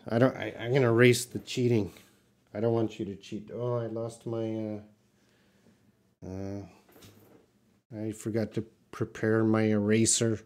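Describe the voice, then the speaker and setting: A man teaching a live online English lesson, slowly repeating words for pronunciation practice and answering viewers' questions by name. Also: on the low side. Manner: slow, careful, repeats words for pronunciation drills.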